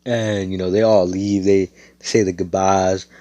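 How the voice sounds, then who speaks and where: A man casually spinning a fan story, rambling along with slang and constant swearing. His voice is low and dark. The sound is dry and close. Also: flat delivery, measured pace, no room sound. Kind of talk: casual spoken retelling.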